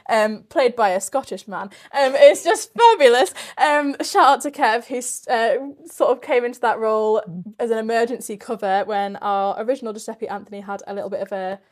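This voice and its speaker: A woman hosting a casual chat, talking in an animated, chatty way full of "like". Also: a little high, brisk, hardly any pauses. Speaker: podcast host.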